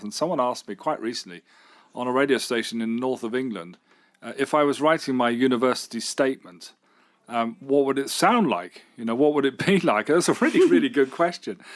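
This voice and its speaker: A man's voice: mid-range voice, lively intonation, fast talker. A middle-aged man, a radio station manager, answering interview questions in an enthusiastic, rambling way with fillers and restarts.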